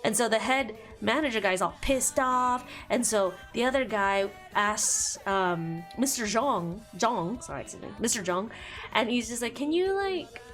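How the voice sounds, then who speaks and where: A woman's voice: a little high, a little slow, a bit bright, soft background music. A woman streamer chatting casually while she draws, retelling a plot in a rambling, giggly way. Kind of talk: casual chat while drawing.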